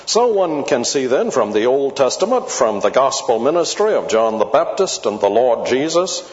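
Male Bible lecturer, slightly high voice, deliberate and emphatic, lo-fi recording. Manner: deliberate, emphatic, stretches key words. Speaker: Bible teacher. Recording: dull lo-fi tape in a reverberant hall.

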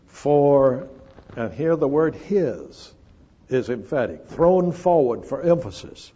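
Slow, emphatic older male preacher. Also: medium pitch, sing-song, dark tone, husky. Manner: slow, emphatic, stresses scripture word by word. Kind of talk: expository sermon. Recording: dull lo-fi recording.

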